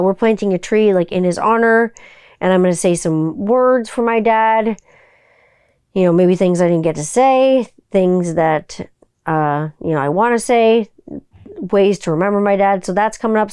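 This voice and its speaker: A woman's voice: medium pitch, darkish tone, clear, resonant tone, no echo, studio quality. Chatty, rambling woman podcast host. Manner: rambling and chatty, heavy use of "like"; playful, hums a silly tune while thinking. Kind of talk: casual solo podcast chat.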